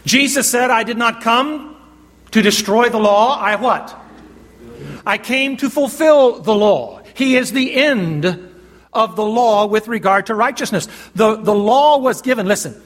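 Guy preaching a sermon, pretty high voice, long reverb like a big church. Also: expressive, fairly bright tone. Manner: emphatic, asks the congregation questions and pauses for answers.

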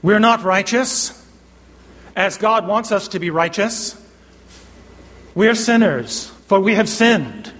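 Guy preaching a sermon, pretty high voice, long reverb like a big church. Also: expressive, fairly bright tone. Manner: emphatic, asks the congregation questions and pauses for answers.

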